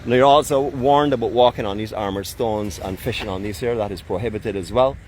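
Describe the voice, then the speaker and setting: This Barbadian vlogger, middle-aged and leading a live walking tour beside a town's seaside port, keeps up friendly chatter and jokes with his audience. His accented voice is on the low side, a little mellow and slightly quick. There's a bit of background noise.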